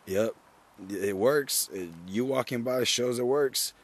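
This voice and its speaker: A man's voice: medium pitch, slow, a little hiss or hum. A man taking part in a paranormal investigation outdoors at night, pointing things out in short bursts. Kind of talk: on-location commentary.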